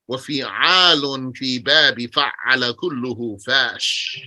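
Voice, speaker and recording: A man teaching a religious text. He reads Arabic passages quickly, then explains them slowly in English and asks rhetorical questions along the way. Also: medium pitch, lively intonation, pushed and bright, dry recording. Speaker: teacher explaining a Qur'an commentary.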